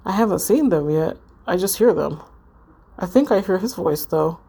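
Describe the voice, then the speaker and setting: A woman's voice: on the low side, expressive, moderate pace, gravelly, warm tone, slightly rough, full character voice. A woman reading the lines of a frightened teenage girl haunted by ghosts, in a tense, plain text-message delivery. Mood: scared.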